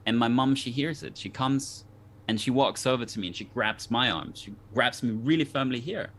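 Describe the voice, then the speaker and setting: A man's voice: mid-range voice, moderate pace, fairly bright tone. A man from Denmark, a guest on a talk show, telling a personal story in an earnest, reflective way with many restarts.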